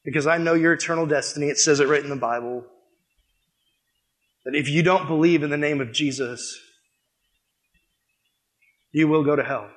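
A young man as youth pastor, preaching a sermon with animated storytelling that acts out the dialogue. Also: a little high, normal speed, pauses often.

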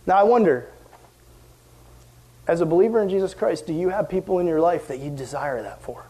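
High-voiced animated young male youth pastor. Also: brisk. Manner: animated, acts out quoted voices. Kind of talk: youth group sermon.

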